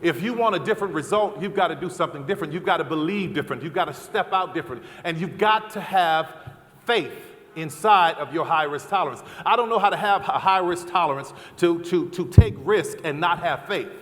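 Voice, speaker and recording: A middle-aged man giving a fervent, preacherly convention speech, building to loud repeated calls. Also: a little high, quick pace, few pauses. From American South. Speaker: keynote speaker. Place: large convention hall. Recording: long hall reverb.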